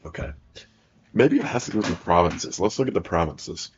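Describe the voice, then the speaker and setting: Low-voiced young man, teasing podcast chat. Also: lively intonation, fairly quick, slight background noise. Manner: teasing, rambling. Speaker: podcast co-host. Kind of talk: casual podcast banter. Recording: dull lo-fi sound.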